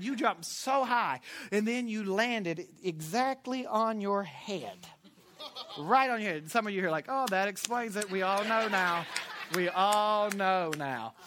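Animated male preacher telling a story. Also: high voice, no room sound. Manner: animated storytelling, swings from loud to hushed. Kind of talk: sermon.

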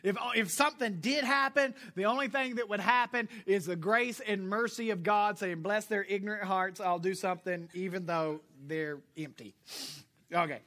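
A man's voice: high voice, normal speed, sharp tone. A man preaching a sermon to his congregation in a church, quizzing the listeners and chuckling at his own jokes. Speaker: pastor. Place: church service before a congregation.

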